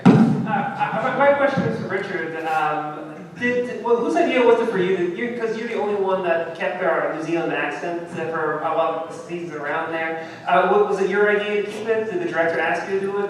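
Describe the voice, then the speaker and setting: Fan guy at the mic, kinda high voice, tripping over words, echoey far hall. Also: fairly quick. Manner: eager, stumbling. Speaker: fan asking questions. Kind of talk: audience question at a panel.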